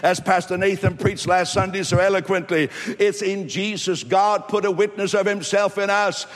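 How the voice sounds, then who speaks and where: Male pastor, emphatic sermon delivery, slightly high voice, long hall reverb. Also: fairly even intonation, normal speed. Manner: emphatic preaching, rising loud then dropping low.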